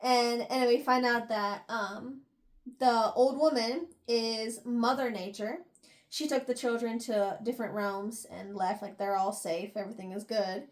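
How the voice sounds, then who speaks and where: A woman's voice: on the high side, steady tone, measured pace. A young woman giving a casual book recap as a podcast host, chatty and full of laughs.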